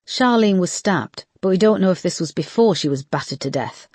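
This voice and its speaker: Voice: mid-range voice, expressive, moderate pace, a little mellow, dry recording, voice pushed up, lightly acted. A no-nonsense woman in charge of a murder squad, curt and firm in her briefings, as an audiobook narrator plays her. The recording is dry and close. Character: female detective chief, brisk, no-nonsense.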